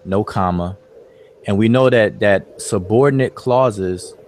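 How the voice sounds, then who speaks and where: A man's voice: lowish voice, darkish tone, a little hiss or hum. A man hosting an online study group, talking in a loose, casual way and repeating words with lots of fillers. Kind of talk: casual discussion.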